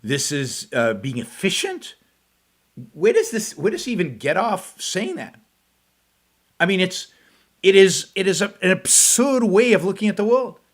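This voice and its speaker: A man's voice: high voice, a bit bright. A middle-aged man hosting a talk show, mocking a video clip in scornful, emphatic commentary. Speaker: show host reacting to a clip.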